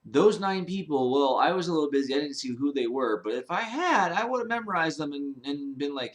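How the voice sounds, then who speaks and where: A man's voice: on the high side, animated, brisk, hardly any pauses. A man talking casually to camera in a rambling, profane monologue full of restarts. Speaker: vlogger.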